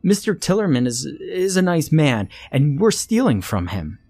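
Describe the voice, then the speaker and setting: A man's voice: medium pitch, slow pace, darkish tone, husky, dry recording, pitched above the performer's own voice. A man voicing a frightened, timid young boy whose voice shakes and cracks as he pleads near tears. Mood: frightened, pleading.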